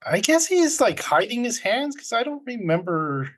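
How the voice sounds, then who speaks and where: A man's voice: extremely high pitch, big pitch swings, normal speed. A man casually recapping an old film with friends, rambling, often laughing and acting out quotes. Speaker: podcast co-host recapping a film. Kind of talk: casual chat.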